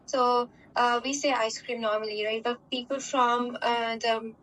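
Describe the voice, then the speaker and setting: A woman's voice: a little high, level tone, unhurried, fairly bright tone. Chatty Pakistani English woman, far off. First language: Urdu. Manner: chatty, many fillers and "right?" tags. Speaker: interviewee. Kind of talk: casual interview answers. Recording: distant mic with faint background hum.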